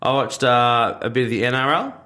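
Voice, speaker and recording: A man's voice: medium pitch, fairly quick, sharp tone. A chatty Australian man with a mid-range voice co-hosts a casual sports podcast. He laughs easily as he talks. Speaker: podcast co-host.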